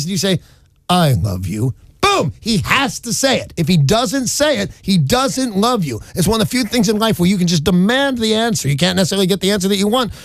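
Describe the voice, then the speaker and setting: A man's voice: high voice, gravelly, no echo. A middle-aged man hosting a morning radio advice segment, blunt and emphatic with a joking edge. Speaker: radio host giving life advice.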